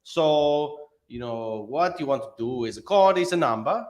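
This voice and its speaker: A man's voice: on the high side, lively intonation, a little slow, a little mellow, low-quality recording. A man putting on an Italian accent to voice an evasive male call-centre agent who rambles around the point.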